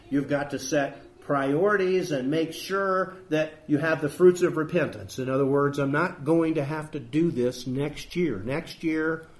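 A male pastor preaching a sermon, quoting scripture with emphasis and asking the congregation rhetorical questions. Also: a little high.

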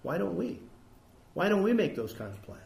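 Emphatic high-voiced male preacher. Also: sing-song, normal speed, vocal fry, darkish tone. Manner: emphatic, rhetorical questions, quotes scripture. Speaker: pastor. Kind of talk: sermon.

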